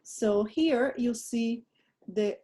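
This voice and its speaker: A woman's voice: a little high, drawn-out words, mellow, slightly rough. A woman teaching a recorded online lesson, talking through her slides with chatty asides. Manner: talks through a screen while fumbling with her mouse, chatty asides. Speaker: language teacher.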